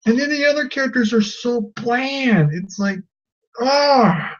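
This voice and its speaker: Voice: mid-range voice, moderate pace, dull audio. A video reviewer in a casual vlog, ranting in an exasperated way with many fillers. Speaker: film reviewer.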